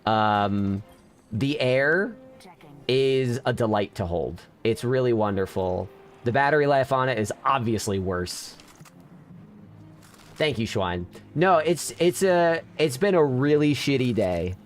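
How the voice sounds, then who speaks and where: A man's voice: medium pitch, animated, slow pace, soft background music. A man streamer in casual live-stream chat, venting candidly to his viewers with frequent restarts.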